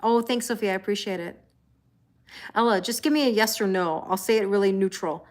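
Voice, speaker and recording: Broadcasting a relaxed tarot reading from her home, a middle-aged woman welcomes viewers by name and laughs frequently as she chats. She speaks briskly in a mid-range voice.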